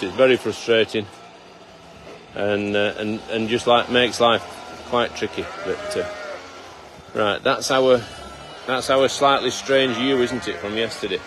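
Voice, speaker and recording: A man's voice: mid-range voice, a bit bright, a little hiss or hum. A man, a farmer hosting a live stream, chatting casually and teasing his colleagues. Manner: chatty, teasing, with frequent restarts. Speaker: farmer and livestream host.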